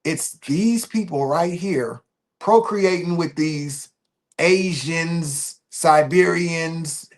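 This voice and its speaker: High-voiced man hosting a loose livestream. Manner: loose and repetitive, restarting phrases, emphatic then trailing off quietly. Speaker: livestream host. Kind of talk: casual livestream talk.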